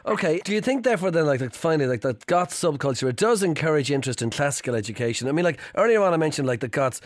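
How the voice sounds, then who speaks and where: A man's voice: fairly high pitch, lively intonation, very fast, dry recording, studio quality. A man hosting a radio phone-in, chatty and loose with many fillers. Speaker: radio host. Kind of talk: casual radio talk and phone-in.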